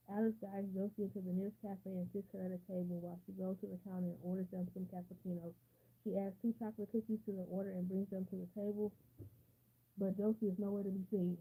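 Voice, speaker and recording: A woman reading a novel aloud in a steady storytelling manner. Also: medium pitch, fast talker, husky, low-quality recording. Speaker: audiobook reader.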